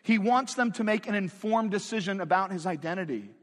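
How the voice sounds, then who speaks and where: A man's voice: high-pitched, fairly quick, a bit bright. A man preaching a sermon as pastor, talking in a conversational but emphatic way and asking the congregation rhetorical questions. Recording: long reverb of a large hall.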